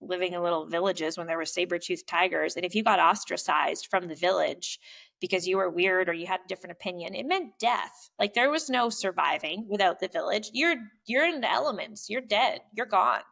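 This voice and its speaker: A woman's voice: fairly low pitch, a little fast, creaky, fairly bright tone. A woman guest on an interview podcast, talking candidly and animatedly, swearing freely and acting out what people said. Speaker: podcast guest, poet and coach. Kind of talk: casual conversational interview. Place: lives in a small coastal town in California.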